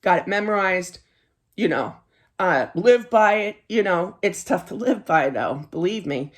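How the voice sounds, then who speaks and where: A woman's voice: lowish voice, animated, unhurried. A middle-aged woman giving a casual tarot reading in a chatty, earnest way, laughing easily and often saying "you know.". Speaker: tarot card reader.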